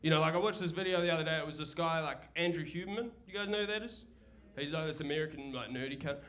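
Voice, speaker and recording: A man's voice: on the high side, fast, fairly bright tone, slight background noise. A young man with a New Zealand accent doing a crude, rambling, self-deprecating stand-up set. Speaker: stand-up comedian. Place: comedy club stage. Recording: live club recording with audience laughter. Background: audience laughter.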